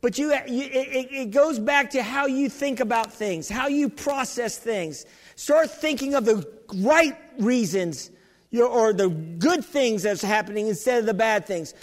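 High-voiced preacher in an echoing hall. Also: male voice, a little slow. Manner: exhorting, repetitive, with many restarts. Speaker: pastor. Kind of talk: sermon. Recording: long hall reverb.

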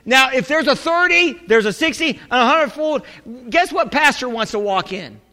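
A male pastor preaching a sermon in an animated, humorous way, calling out to his congregation. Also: very high-pitched, normal speed. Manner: animated, humorous preaching with audience call-and-response. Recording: echoey hall.

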